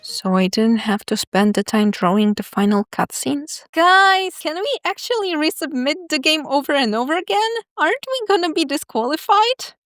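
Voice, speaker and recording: Young woman, high voice, chatty storytime narrator, from Czechia. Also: animated, normal speed, hardly any pauses, fairly bright tone, roomy sound, soft background music. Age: young adult. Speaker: student animator and devlog narrator.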